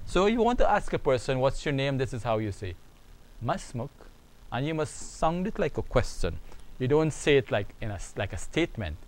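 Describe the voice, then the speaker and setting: Slow-spoken male Arabic teacher. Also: mid-range voice, big pitch swings, poor audio. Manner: slow, repetitive, drills phrases aloud. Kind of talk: online language lesson.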